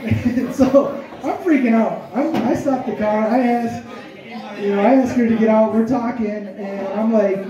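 A man telling a comic story, rambling and animated with many fillers. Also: high-pitched, measured pace. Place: storytelling event hall. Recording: echoey room, distant dull mic.

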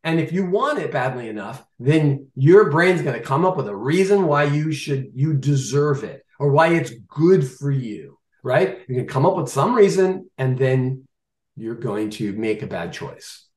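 A man's voice: medium pitch, expressive, a little slow, darkish tone, roomy sound. A man in his fifties talking casually and animatedly about food, acting out shoppers' thoughts in mock voices. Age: 50s. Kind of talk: casual chat.

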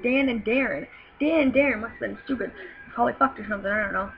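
A woman's voice: on the high side, fast, soft background music. A woman telling a story in a rambling, profane, giggly way, in casual storytelling. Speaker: vlogger. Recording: muffled lo-fi with faint hiss.

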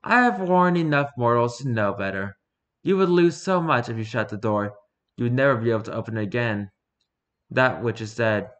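A man's voice: mid-range voice, normal speed, fairly bright tone, lightly acted. A man voicing a sly, theatrical masked lord who is not human, pompous and mocking, in a spoken story. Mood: scheming.

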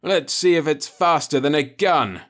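A man's voice: medium pitch, very animated, normal speed, fairly bright tone. A man reading the part of a curious, insistent human envoy in an audiobook, asking pressing questions. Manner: pressing, questioning, rising to alarm.

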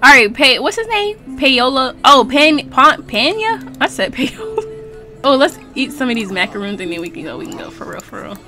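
Young woman gamer with a slightly high voice, casual slangy commentary, playful, soft music behind. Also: sing-song, moderate pace. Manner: chatty and playful, laughs often, reads in-game text aloud. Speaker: let's play gamer.

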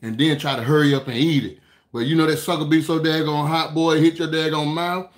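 A man's voice: on the high side, steady tone. Folksy chatty man cooking host. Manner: folksy, chatty, drawn-out storytelling with lots of "man" and "y'all". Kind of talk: casual cooking talk to viewers.

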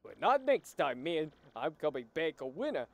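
A man's voice: a little high, very animated, normal speed. A man doing a cocky broke gambler. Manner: brash, boastful.

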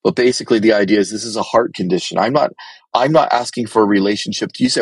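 Blunt low-voiced man preaching. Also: a little fast, husky, no room sound. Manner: blunt, direct and exhorting. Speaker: pastor. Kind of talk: sermon teaching.

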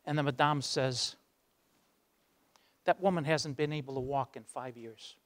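A man giving a motivational speech, telling a story and acting out its voices, dropping low for the dramatic moments. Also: a little slow. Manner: acts out the voices in his stories, drops low for dramatic moments. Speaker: guest speaker. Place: university lecture hall.

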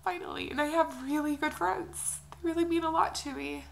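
A young woman from Oklahoma, crying as she talks through an emotional personal update in a halting, confessional way. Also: high voice, vocal fry, a little hiss or hum, rough recording. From Oklahoma, USA. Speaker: vlogger.

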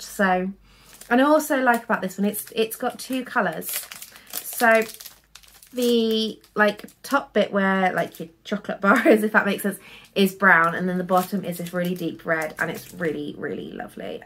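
A woman's voice: medium pitch, a bit bright. A young woman in a casual haul vlog, talking in a chatty, rambling way full of fillers. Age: young adult. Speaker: vlogger.

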